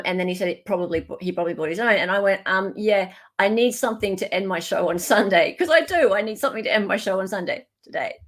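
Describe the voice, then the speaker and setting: A woman's voice: mid-range voice, fairly bright tone. An Australian woman hosting a livestream in casual chat, reading out viewer comments, thanking viewers by name and laughing often. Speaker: livestream host.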